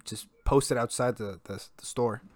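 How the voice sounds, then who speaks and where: A man co-hosting a podcast, chatting casually in a profane, animated way and telling stories. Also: medium pitch, measured pace, no room sound. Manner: profane, animated storytelling with laughs. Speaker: podcast co-host. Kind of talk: casual chat.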